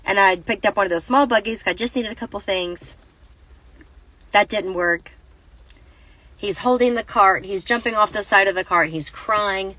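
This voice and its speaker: A woman's voice: mid-range voice, normal speed, long pauses, pushed and bright, no room sound, rough recording. A woman in her thirties telling a rambling, self-correcting story in a casual vlog, recorded on a phone inside a parked car. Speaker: Christian vlogger.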